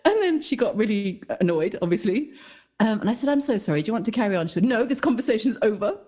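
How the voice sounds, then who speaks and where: A woman co-hosting a podcast, telling animated stories in casual chat and laughing often. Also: a little high, quick pace. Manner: animated storytelling, laughs often, acts out quoted voices. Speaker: podcast co-host.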